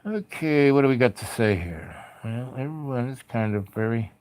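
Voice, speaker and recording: A man's voice: medium pitch, lively intonation, moderate pace, a little mellow, no echo. A man hosting a late-night spiritual livestream, talking in a loose, meandering, heartfelt way with many fillers. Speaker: livestream host. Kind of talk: rambling spiritual livestream talk.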